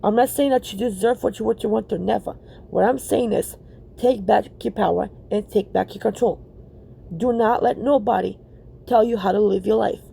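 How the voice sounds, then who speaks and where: A woman's voice: medium pitch, normal speed, vocal fry, warm tone, slight background noise. A woman hosting a reaction video, ranting bluntly and profanely and repeating herself for emphasis.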